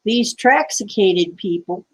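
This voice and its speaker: A woman's voice: mid-range voice, animated, slow pace, breathy edge, low-quality recording. A woman hosting a casual livestream, rambling and answering viewers' chat comments with conspiratorial asides. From United States. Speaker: livestream host.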